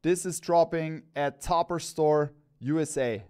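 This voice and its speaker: Excitable man showing off caps. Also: a little high, measured pace, clean tone. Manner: excited, enthusiastic, rambling. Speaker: cap store host. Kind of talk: live-stream product showcase.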